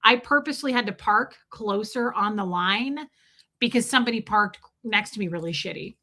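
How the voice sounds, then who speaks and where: A woman's voice: mid-range voice, expressive, normal speed, pushed and bright. A woman hosting a live stream from home, telling a story to her chat in a chatty, blunt way and swearing freely.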